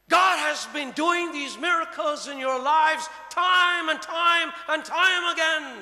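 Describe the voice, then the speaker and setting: A man preaching a sermon to a congregation, animated and full of rhetorical questions. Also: high-pitched. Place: church. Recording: echoey church hall.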